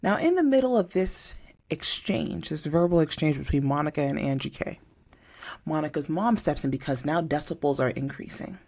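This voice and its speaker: A woman's voice: low voice, animated, normal speed, a little mellow. A young woman co-hosts a casual podcast, recapping reality TV drama. She tells the story with energy and acts out each quote. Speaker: podcast co-host.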